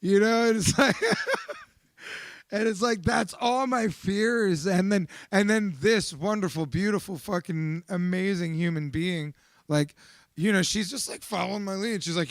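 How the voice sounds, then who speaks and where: A man giving a raw, profane, confessional account of his fears, swinging between quiet reflection and shouting. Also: high-pitched, a little slow, no room sound, clean studio sound. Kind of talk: emotional personal testimony.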